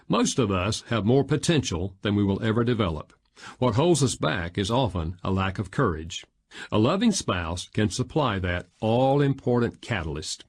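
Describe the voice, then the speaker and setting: A man narrating an audiobook in a measured, expressive reading style. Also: mid-range voice, husky.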